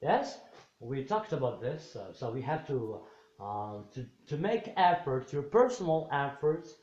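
A man's voice: medium pitch, big pitch swings, measured pace, a little mellow. A man teaching an English lesson, repeating phrases patiently and switching to Arabic to translate. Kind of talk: bilingual classroom lesson. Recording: roomy, slightly dull recording.

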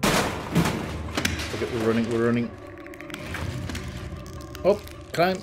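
A man's voice: mid-range voice, slow pace, pauses often. A man giving let's play commentary on a game, jumpy and swearing constantly as he talks to the game. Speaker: gaming video host. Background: game music.

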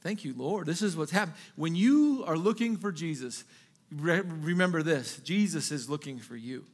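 Preaching with passion, this high-voiced male pastor sounds husky and animated, keeping a moderate pace. Loud rhetorical questions give way to soft asides, and he often repeats himself and starts sentences over.

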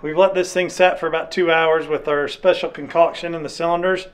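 A man's voice: on the high side, steady tone, fairly quick. A man talking casually to the camera as he works on an old truck, practical and dryly joking. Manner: easygoing, practical, dry humor. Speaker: mechanic vlogger. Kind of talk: casual shop talk to camera. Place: garage and outdoor yard.

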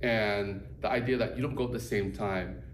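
A man co-hosting a podcast rambles loosely through a casual chat, packing in plenty of "like" and "you know" fillers. His voice is on the low side, steady, and at a normal speed. He sounds distant from the mic, with a roomy echo and a faint background hum.

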